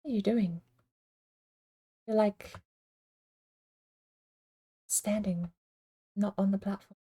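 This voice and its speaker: A woman's voice: medium pitch, steady tone, slow pace, mellow, husky. A woman streaming a game, talking casually and thinking aloud in a rambling, self-deprecating way. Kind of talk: casual livestream commentary.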